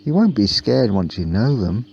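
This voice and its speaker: A man's voice: on the low side, big pitch swings, moderate pace, gravelly, a little mellow, slightly rough, exaggerated voice. A man voicing an eager, reassuring little girl in a children's storybook. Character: cheerful brave little girl. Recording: dull lo-fi with faint hum.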